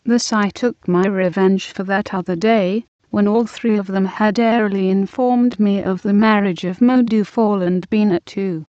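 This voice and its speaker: A woman reading a novel aloud in a measured, deliberate way. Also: mid-range voice, fairly even intonation, warm tone, dry recording. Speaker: audiobook reader. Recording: dull lo-fi recording.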